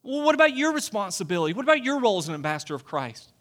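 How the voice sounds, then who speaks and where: High-voiced earnest preacher man. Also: sing-song, racing, fairly bright tone. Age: 40s. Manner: earnest, pleading, with rhetorical questions. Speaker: pastor. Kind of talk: sermon. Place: church sanctuary.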